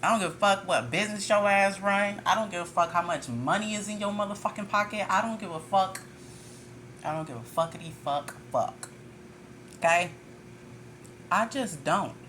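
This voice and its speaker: A woman's voice: mid-range voice, moderate pace, a bit bright, a little hiss or hum. A woman tarot reader ranting in a casual monologue, blunt and profane, with frequent laughter.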